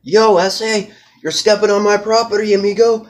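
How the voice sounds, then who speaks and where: A man voicing a swaggering young street tough, loud and confrontational with slangy taunts. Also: sits high, fairly even intonation, moderate pace, pitched above the performer's own voice, lightly acted. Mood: taunting.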